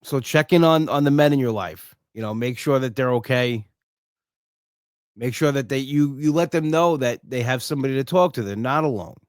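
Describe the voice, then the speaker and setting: A middle-aged man hosts his own solo podcast, speaking earnestly and from the heart, often restarting sentences and saying "you know." His mid-range voice moves at normal speed, smooth and clean, with studio quality and no echo.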